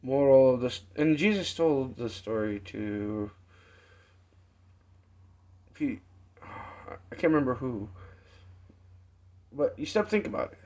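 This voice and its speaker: A man preaching informally, retelling a parable in a halting storytelling manner with many restarts. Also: mid-range voice, animated, darkish tone. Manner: slow, halting storytelling with restarts and acted quotes. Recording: dull lo-fi sound.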